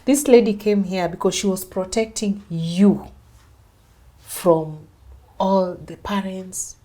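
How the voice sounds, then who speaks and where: A young woman with a Kenyan accent tells her own story in an interview, voice husky and a little breathy at a middle pitch. She acts out what others said, switching between English and Swahili as she goes. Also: slow, warm tone. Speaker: interview guest. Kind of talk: emotional personal storytelling.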